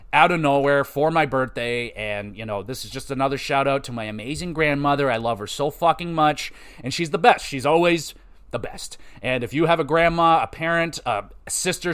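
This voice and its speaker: Young guy hosting a solo podcast, kinda high voice, swears a lot, gets hyped. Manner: profane, loose and excitable. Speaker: podcast host. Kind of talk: casual solo podcast talk.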